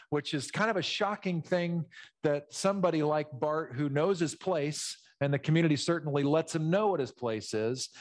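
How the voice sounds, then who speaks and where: A male pastor gives a lively teaching sermon in a mid-range voice, explaining the text and acting out its characters. He moves between relaxed explanation and dramatic read-aloud. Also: medium pitch. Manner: animated, teacherly, acts out voices in the story.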